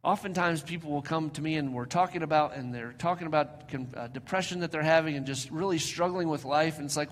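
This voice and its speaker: Man, preacher, sermon, slightly high voice, loud peaks and soft near-whispered drops, long reverb. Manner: slows down for scripture reading. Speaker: pastor.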